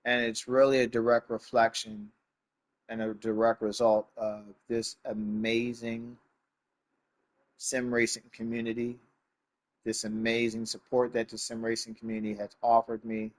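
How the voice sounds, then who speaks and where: A man's voice: medium pitch, completely flat delivery, unhurried. Choked-up man thanking his stream viewers. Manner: heartfelt, earnest and choked up. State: stuffy nose, near tears. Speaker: sim racing streamer. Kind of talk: live stream talk to chat.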